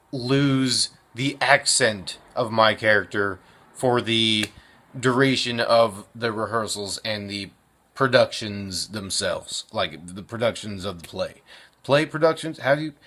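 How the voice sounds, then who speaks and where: A man's voice: medium pitch, sharp tone. A young man chatting casually in his daily vlog, rambling with lots of fillers and chuckles. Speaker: vlogger and actor.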